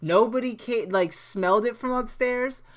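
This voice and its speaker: A man's voice: very high-pitched, normal speed. A young man hosting a gaming channel, telling a story over gameplay in a laid-back way, swearing freely and rambling with restarts.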